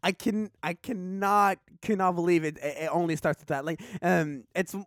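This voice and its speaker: A man's voice: high voice, steady tone, moderate pace, dry recording, clean studio sound. A man hosting a casual chat, rambling with lots of fillers and restarts, acting out characters in his retelling. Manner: rambling, filler-heavy, acts out characters mid-story.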